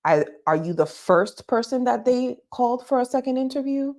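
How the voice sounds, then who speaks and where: A woman's voice: a little high, animated, moderate pace, a little mellow. A woman giving live career advice, emphatic and talking straight to her listeners, often checking in with "okay?". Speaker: career coach.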